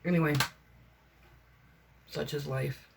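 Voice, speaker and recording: Woman vlogging about crafts, gravelly voice, chatty and wandering, lots of ums. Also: low-pitched, steady tone, takes it slowly, a little mellow. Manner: meandering and chatty, with frequent fillers and self-corrections. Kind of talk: casual rambling vlog chat.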